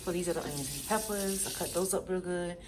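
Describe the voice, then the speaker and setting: A woman chatting excitedly in a casual cooking vlog, often saying y'all. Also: lowish voice, fast talker. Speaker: vlogger. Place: home kitchen with frying food.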